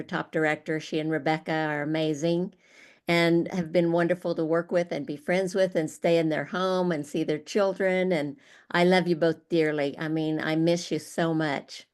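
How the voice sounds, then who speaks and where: An older woman guest, retired, telling lively stories from her career and laughing often. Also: sits low, moderate pace, smooth. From Arizona, USA. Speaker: guest speaker. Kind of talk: storytelling.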